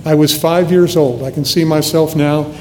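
An older man in his seventies preaches earnestly, his voice mellow and set a little high for a man. The sermon is recorded in a hall with a long, trailing reverb and faint low noise behind it. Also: fairly even intonation, normal speed. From United States (Nebraska). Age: 70s. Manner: earnest, conversational preaching with restarts.

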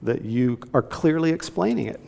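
Male Bible teacher, gravelly, chatty, quizzes his group, hall reverb. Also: mid-range voice, animated, normal speed, mellow. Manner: conversational, asks the group questions. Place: church room with a group.

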